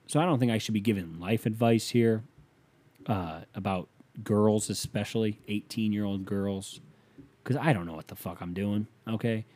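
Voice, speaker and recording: A man's voice: on the low side, normal speed, darkish tone. A man in his twenties hosting a casual podcast, reading a listener's letter and giving advice in a rambling, profane, joking way. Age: 20s. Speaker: podcast host.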